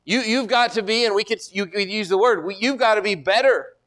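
A man's voice: fairly quick, fairly bright tone. A man preaching a sermon in an earnest way, often repeating words as he builds to a point. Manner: earnest, repeats words, rises in pitch and force when exhorting.

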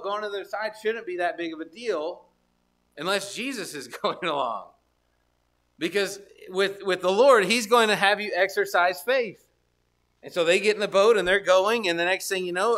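A man preaching a sermon, reading Bible verses and turning them into conversational rhetorical questions, stopping now and then to clear his throat. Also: sits high, bright, forceful tone.

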